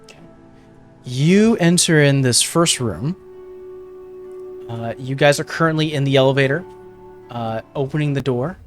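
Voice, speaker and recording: A man running a tabletop game, describing the room piece by piece with plenty of fillers and self-corrections. Soft music plays faintly behind him. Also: mid-range voice, a little slow, long pauses. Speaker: game master.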